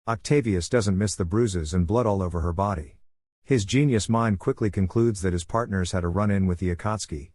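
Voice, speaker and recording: A man narrating a fan fiction story in a steady, even reading. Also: low voice, no echo. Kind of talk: scripted narration.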